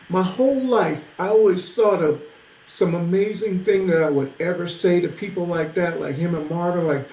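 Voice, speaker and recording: A man's voice: sits high, moderate pace. A man in his sixties from New Jersey, a musician guest telling stories in an interview and acting out what people said. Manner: animated storyteller, acts out quoted voices. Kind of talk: interview storytelling. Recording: roomy with faint noise.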